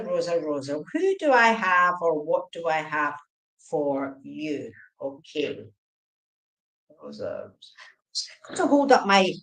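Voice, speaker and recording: A woman giving fast, chatty psychic readings on a live stream, often checking in with okay and right. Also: mid-range voice, echoey room, rough recording. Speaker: medium.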